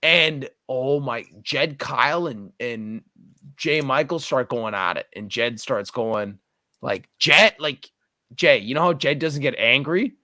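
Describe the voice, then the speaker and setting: A drunk man hosting a rowdy casual chat, swearing a lot and telling stories with excitement. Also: medium pitch, slow pace, dry recording, studio quality. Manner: excited, swearing, retells stories with put-on shouts. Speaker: podcast host.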